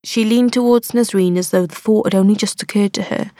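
A woman narrating an audiobook in a measured, even reading voice. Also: mid-range voice, no room sound, studio quality. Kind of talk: scripted narration.

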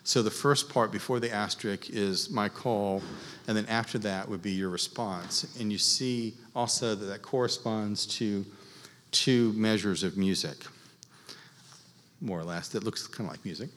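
A man teaching church music to a class, explaining in an unhurried, halting way with many fillers. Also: on the low side, a bit bright. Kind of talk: class lecture leading group chant. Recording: long reverb in a large hall.

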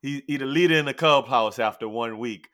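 A man's voice: medium pitch, brisk, fairly bright tone. A man co-hosting a podcast, chatting and joking in a laid-back way. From Shreveport, Louisiana. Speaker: podcast co-host. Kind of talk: casual chat.

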